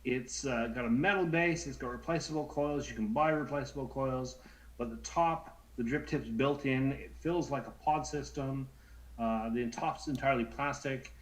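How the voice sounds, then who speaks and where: A man in his thirties telling a story in casual chat, animated and stammering, acting out voices as he goes. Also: medium pitch, moderate pace, rough recording. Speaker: co-host.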